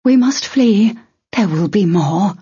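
A woman's voice: mid-range voice, animated, slow pace, mellow, slightly rough, dry recording, voice pushed up, full character voice. A woman reading an audiobook, voicing a proud, solemn female unicorn who speaks formally. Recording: dull lo-fi.

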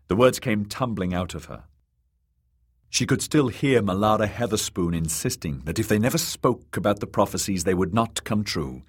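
A man narrating an audiobook in a measured, dramatic reading. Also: on the low side, lively intonation, husky.

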